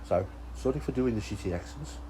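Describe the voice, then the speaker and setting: A man's voice: medium pitch, lively intonation, brisk, mellow, slight background noise, poor audio. A man chatting casually outdoors by a fishing lake, with sweary, teasing banter. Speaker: angler and vlog host. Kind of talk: casual chat.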